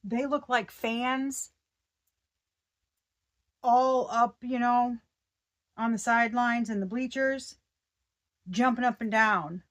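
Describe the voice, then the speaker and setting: Woman, tarot reader, casual spiritual reading, excitable, slangy, cuts herself off and restarts. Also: fairly high pitch, slow, long pauses. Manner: excitable, breaks off mid-sentence and restarts; slangy and profane.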